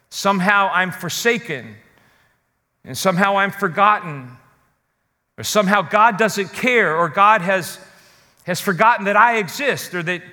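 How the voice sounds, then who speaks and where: A man preaching a sermon as a pastor, speaking earnestly, putting direct questions to his listeners and leaning slowly on key words. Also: high voice, sharp tone, in a large hall.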